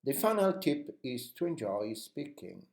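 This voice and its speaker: رجل يشرح دروس التحدث بالإنجليزية بنبرة مشجعة وبطيئة، في تسجيل داخل غرفة ذات صدى. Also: male voice, mid-range voice, very animated, unhurried, gravelly, a little mellow, reverberant. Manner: encouraging, coaching tone. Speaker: English speaking coach. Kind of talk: instructional video lesson.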